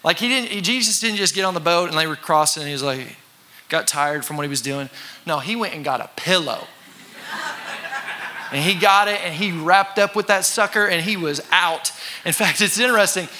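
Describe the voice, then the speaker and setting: A man preaching a sermon to a congregation, talking conversationally, acting out voices and sometimes shouting for effect. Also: sits high, moderate pace, slight background noise. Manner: conversational with congregation call-and-response. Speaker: pastor.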